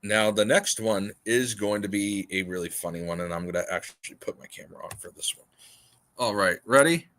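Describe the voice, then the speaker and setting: A man's voice: fairly low pitch, a little fast, fairly bright tone. Rambling male livestream host. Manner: rambling, emphatic, repeats himself. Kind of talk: casual stream chat.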